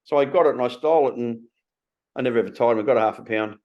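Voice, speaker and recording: Blunt swearing Australian man in his sixties. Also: medium pitch. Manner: blunt, swears freely, talks fast and animated. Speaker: podcast host. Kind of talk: casual conversation. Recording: slightly muffled recording.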